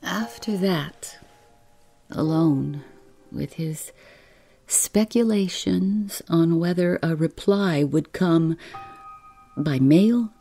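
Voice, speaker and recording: A woman reading a relaxing bedtime story aloud in a soft, unhurried, soothing way. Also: fairly low pitch, soft background music.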